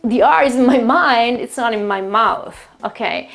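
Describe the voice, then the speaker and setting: Italian woman, native speaker of Italian, fairly high voice; chatty English tutor who repeats words to model them. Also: normal speed, fairly bright tone. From Italy. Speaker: English teacher, channel host. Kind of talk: online language lesson.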